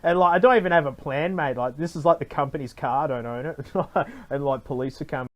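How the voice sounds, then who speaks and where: A man's voice: on the high side, fairly quick. An Australian man in his forties rambling through a comic monologue, full of "mate" and "like". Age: 40s. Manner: rambling, slangy.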